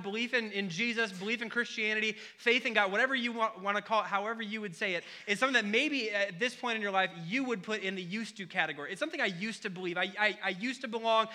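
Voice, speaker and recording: A young adult man from Wisconsin preaching a sermon, telling a funny family story with quick comic asides. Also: sits high, pushed and bright. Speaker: pastor.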